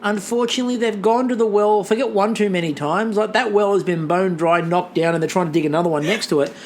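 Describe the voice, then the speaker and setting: A man's voice: high-pitched, quick pace, slight background noise. A young man co-hosting a podcast in casual chat, sarcastic and acting out quotes. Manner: sarcastic, acts out quotes with swooping voice. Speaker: podcast co-host.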